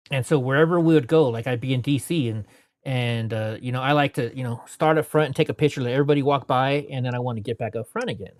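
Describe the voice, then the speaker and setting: A man speaking as an interview guest, relaxed and rambling as he tells long stories. He keeps dropping "you know" between thoughts. The sound is dry and close, with no room echo. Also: mid-range voice. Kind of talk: casual storytelling interview.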